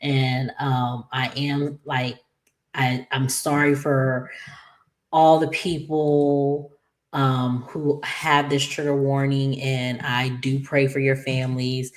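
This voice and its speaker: A woman recapping a daytime soap episode in a chatty, animated way, acting out the characters' lines with playful asides and laughter. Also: very deep voice, slow. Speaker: soap opera recap host. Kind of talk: casual recap vlog.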